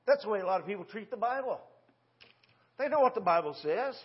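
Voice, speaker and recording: A pastor in his sixties preaches in a church sanctuary, his slightly high voice animated and brisk, with the highs cut off. His sermon is folksy and conversational, packed with rhetorical questions.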